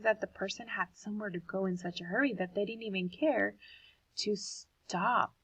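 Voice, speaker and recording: A woman's voice: medium pitch, normal speed, a bit bright, slightly rough, no room sound, low-quality recording. A woman teacher reading a poem aloud to children and explaining it, asking the class questions as she goes.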